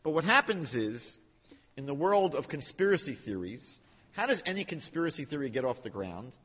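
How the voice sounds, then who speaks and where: Bible teacher, man, slightly high husky voice, animated questioning delivery, reverberant hall. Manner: animated, questioning, quotes Hebrew slowly. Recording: dull sound with long hall reverb.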